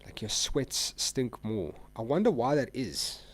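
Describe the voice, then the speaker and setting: A man's voice: mid-range voice, sing-song, unhurried, dry recording. A man, hosting a live trading stream in loose, rambling chat, full of "bro" and "like". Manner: slangy, says "bro" and "like" a lot. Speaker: livestream trader host.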